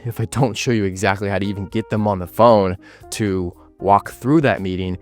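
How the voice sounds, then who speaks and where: A young man in his late teens giving business advice straight to camera, confident and emphatic, repeating words for stress. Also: lowish voice. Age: young adult. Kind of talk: direct-to-camera business vlog.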